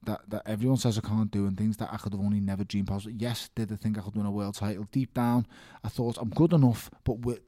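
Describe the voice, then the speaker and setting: Man, liverpool accent, low voice, animated storyteller, dry close sound. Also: fast, few pauses, dry recording. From Liverpool, England. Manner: animated storytelling, frequent "mate", laughs. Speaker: interviewee, professional boxer. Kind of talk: casual interview chat.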